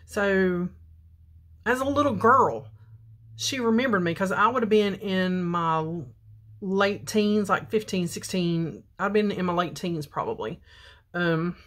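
Doing her makeup on camera, a woman in her 50s shares a casual story for her beauty vlog. Her mid-range voice is fairly bright, and she speaks slowly.

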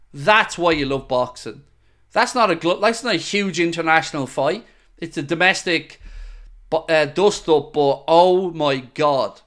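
A man's voice: a little high, a bit bright. A man hosting a live football watchalong, chatty and upbeat as he reads out viewer messages. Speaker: fan channel host.

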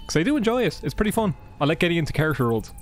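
A man's voice: fairly high pitch, big pitch swings, racing. A man streaming a game live, rambling casually, joking and swearing as he chats with viewers. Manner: rambling, chatty, swears and jokes with chat. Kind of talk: casual live gameplay commentary. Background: game music.

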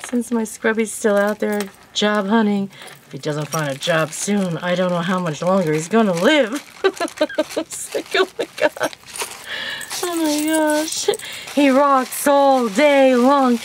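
A woman's voice: on the high side, lively intonation, takes it slowly, a little hiss or hum. A woman in her sixties telling a rambling home story in a casual vlog, chatty and laughing often, then showing off a gift. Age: 60s. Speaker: vlogger.

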